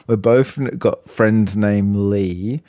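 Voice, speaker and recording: Low dry-voiced man rambling on a podcast. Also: takes it slowly, dark tone, no echo. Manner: rambling, laughs often, many fillers. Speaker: podcast co-host. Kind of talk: casual chat.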